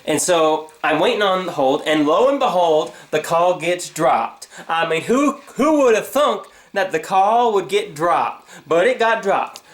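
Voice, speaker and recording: This young man's voice sits high and moves a little slowly, rarely pausing, as he delivers a sarcastic comedic rant to his new camera. He's an animated vlogger who imitates others in silly voices, recorded on the camera's own mic.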